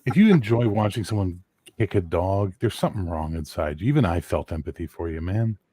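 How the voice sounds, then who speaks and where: A man's voice: deep voice, expressive, fairly quick, warm tone, breathy edge. A man joking and teasing his friends in a casual group chat.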